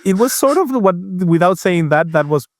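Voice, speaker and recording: A man's voice: high voice, sing-song, no room sound, studio quality. A man co-hosting a podcast, telling a story in casual chat with many restarts and acting out the other voices. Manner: storytelling, halting with restarts, acts out quoted voices. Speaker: podcast co-host.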